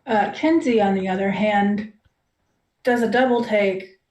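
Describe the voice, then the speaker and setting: A woman's voice: medium pitch, slow pace, pauses often, echoey room, poor audio. A woman playing a tabletop game, describing her character's actions with animation. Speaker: player.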